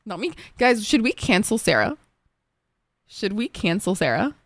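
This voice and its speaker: A young woman with an Egyptian accent, streaming live and chatting casually with her viewers in an animated way, laughing easily. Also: mid-range voice, unhurried, no echo.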